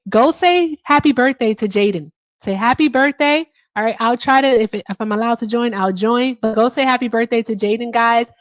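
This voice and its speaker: A woman's voice: medium pitch, dry recording. An upbeat woman hosts a livestream and talks casually to her viewers. She keeps tossing in "all right" and swears without a second thought. Her voice is dry and close on a streaming mic. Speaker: livestream host.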